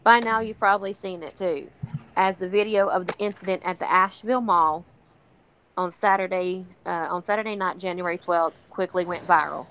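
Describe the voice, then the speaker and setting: A woman's voice: lowish voice, steady tone, normal speed, a bit bright, slight background noise, rough recording. A woman in casual chat, ranting heatedly with plenty of swearing, then reading a news article aloud. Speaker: co-host.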